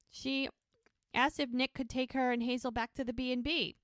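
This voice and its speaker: A woman's voice: on the high side, a little fast, dry recording, clean studio sound. A woman co-hosting a podcast, retelling a TV episode scene by scene and quoting the characters with lots of "he's like" and "she goes". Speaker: podcast co-host recapping a TV episode. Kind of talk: casual storytelling recap.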